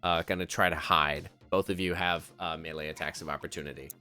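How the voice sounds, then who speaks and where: A man's voice: sits low, steady tone, a little fast, sharp tone, soft background music. A man narrating as game master in a casual tabletop game, swearing and laughing easily.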